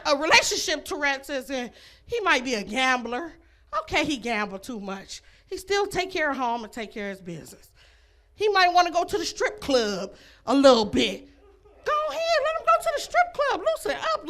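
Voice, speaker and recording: A woman's voice: sits high, sharp tone. A woman performing a stand-up comedy set on a comedy club stage, brash and laughing at her own jokes.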